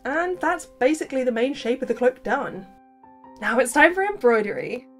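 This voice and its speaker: Chatty woman, higher voice. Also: big pitch swings, moderate pace, soft background music. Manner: chatty, playful, self-mocking asides. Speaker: costume maker. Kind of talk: casual sewing vlog narration.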